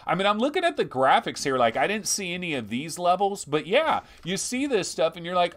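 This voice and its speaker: Animated, ranting man reviewing games. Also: a little high, normal speed. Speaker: VR game show host. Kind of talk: casual game review talk.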